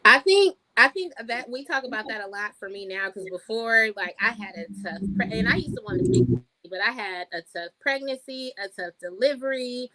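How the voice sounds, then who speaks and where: A woman's voice: fairly high pitch, moderate pace, hardly any pauses, dry recording, low-quality recording. A woman, a single mom, talking casually and animatedly, acting out quotes in a podcast chat. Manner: animated, acts out quotes in voices.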